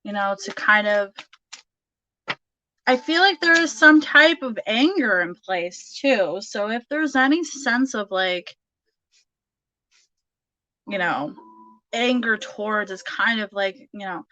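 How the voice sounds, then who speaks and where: A woman's voice: mid-range voice, lively intonation, takes it slowly, long pauses, pushed and bright, low-quality recording. A woman giving a casual tarot reading, chatty and full of fillers, laughing often. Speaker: tarot reader.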